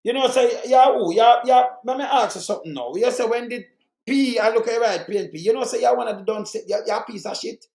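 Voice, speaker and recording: A man with a Jamaican accent hosting an angry political rant, reading out statistics, heated and repetitive, cursing and bursting into shouts. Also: sits high, animated, quick pace, vocal fry, reverberant. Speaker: channel host commenting on murder statistics.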